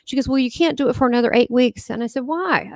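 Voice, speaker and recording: Woman, host, casual storytelling, lively quoted voices, somewhat high voice, dry close sound. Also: fast, no echo. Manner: animated storyteller, acts out quoted dialogue with big pitch jumps. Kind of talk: casual chat recounting experiences.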